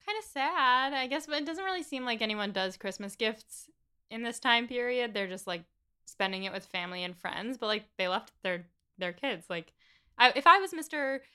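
A woman co-hosting a casual book discussion, retelling scenes in a chatty, animated way. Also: a little high, normal speed, smooth. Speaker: podcast co-host.

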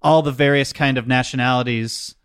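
A man's voice: mid-range voice, steady tone, a little fast, a bit bright, clean tone, dry recording, studio quality. A man appearing as a guest comedian, eagerly describing scenes and handing the floor back politely.

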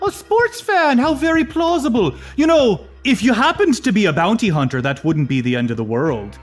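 A man voicing a lithe, mustached human cop who talks loudly and with overdone politeness while prying. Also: high-pitched, big pitch swings, moderate pace, soft background music, voice pushed up. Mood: probing. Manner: loud, overly polite and nosy.

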